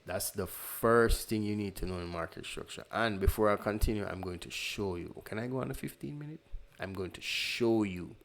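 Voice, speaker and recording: A man's voice: on the low side, moderate pace, gravelly. A man teaching trading in a casual, conversational way, repeating key phrases and correcting himself as he goes. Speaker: trading instructor. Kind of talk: casual screen-share lesson.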